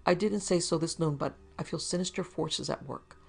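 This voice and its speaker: Fussy, prim male client with a whiny, raised pitch and a gravelly edge, as a woman reader puts him on. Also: moderate pace, full character voice. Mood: wheedling. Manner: prim, fussy wheedling talk, higher pitch. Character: fussy, wheedling middle-aged man client. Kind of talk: storybook reading.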